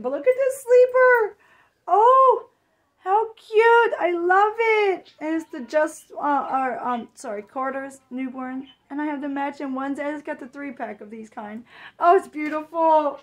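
Gushing high-voiced woman unboxing. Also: measured pace, dull audio. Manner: gushing, breathless exclamations. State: shaky with excitement. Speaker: reborn doll collector. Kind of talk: excited unboxing vlog.

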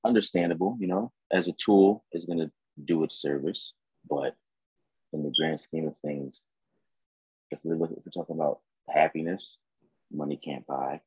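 A man talking as a guest in a casual chat, relaxed and reflective, with plenty of ums. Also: very deep voice, normal speed, slightly rough, no echo. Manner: relaxed, reflective, with many fillers. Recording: dull, dry close recording.

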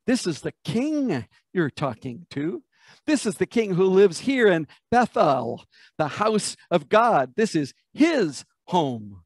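A man's voice: high-pitched, very animated, slow, no echo, clean studio sound, exaggerated voice. A man voicing a scornful priest who brushes off a prophet as an outsider. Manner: scornful, dismissive. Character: dismissive ancient priest, scornful male.

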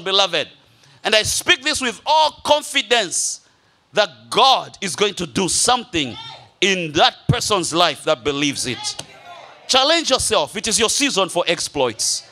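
A man's voice: high-pitched, bright, forceful tone. A male pastor preaching a sermon to a congregation. He speaks emphatically, repeats key phrases and calls his listeners beloved. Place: church service before a congregation.

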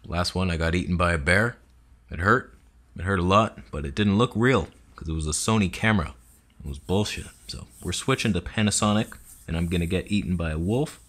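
A man's voice: deep voice, a little fast, fairly bright tone. A man playing a pompous, reckless male movie star who boasts about his films. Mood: boastful.

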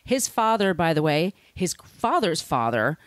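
A woman's voice: low-pitched, big pitch swings, unhurried, no room sound, studio quality. A woman hosting a podcast in a casual, irreverent way, swearing freely. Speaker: podcast host.

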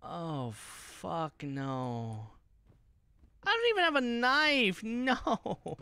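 A man's voice: high-pitched, sing-song, drawn-out words, vocal fry, sharp tone, smooth, no echo. A man streaming a horror game, jumpy and panicky, swearing often as he plays. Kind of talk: horror game livestream commentary.

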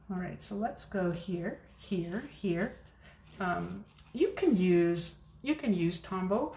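A chatty woman demonstrating card making in a casual crafting video, talking fast and poking fun at her own forgetfulness. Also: fairly low pitch, expressive, vocal fry, warm tone, slight background noise. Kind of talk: casual crafting tutorial chat. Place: home craft room. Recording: echoey room.

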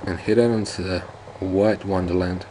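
A man's voice: low-pitched, fairly even intonation, moderate pace, noisy background. A man narrating his own playthrough of a text adventure game with dry, joking asides. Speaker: let's play host. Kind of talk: let's play commentary.

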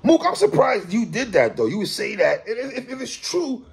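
A man with a high, lively voice and a gravelly edge talks through his hip-hop commentary like a casual chat. He jumps between big exclamations and low asides, laughing as he goes. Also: normal speed, slight background noise. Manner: animated, laughs and exclaims often.

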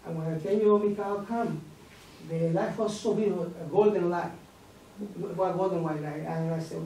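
A man whose first language is Spanish, leading a meditation group and telling a spiritual experience in halting, broken English with restarts. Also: high voice, mellow. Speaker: meditation leader. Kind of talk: personal spiritual testimony. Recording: roomy echo, distant mic, faint noise.

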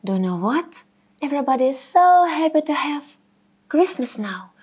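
A woman reading a children's story aloud with expressive, storytelling delivery. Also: sits high. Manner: warm, expressive, slow storytelling. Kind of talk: children's read-aloud narration.

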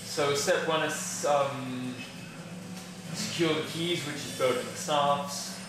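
A man's voice: a little high, steady tone, slow pace, background noise. A young man giving casual, rambling gameplay commentary, often correcting himself as he goes. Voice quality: chatty, rambling, self-correcting. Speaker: gaming commentator. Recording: echoey room, far from mic. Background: game music.

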